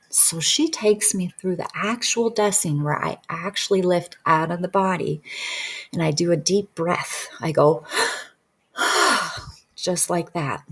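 A woman telling a personal story in casual conversation, earnest and emotional, often dropping into a soft whisper. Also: deep voice, slightly rough. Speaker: guest recounting a regression session.

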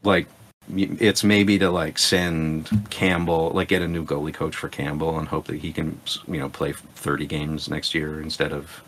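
A man as a podcast guest, chatting casually in a rambling, profane, animated way. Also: rumbling low, moderate pace, slight background noise. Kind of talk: casual chat.

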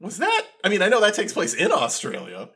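A man co-hosting a casual podcast, talking in quick chatty bursts full of "like.". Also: high-pitched, wildly swooping pitch, gravelly, sharp tone. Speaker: podcast co-host. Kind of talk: casual chat.

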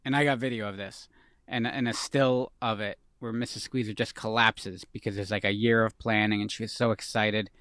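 A man's voice: on the low side, fairly even intonation, fairly quick, fairly bright tone, no room sound, studio quality. A man in his thirties co-hosting a casual podcast, telling rambling, self-mocking family stories. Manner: rambling storyteller, self-deprecating. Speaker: podcast co-host. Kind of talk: casual chat.

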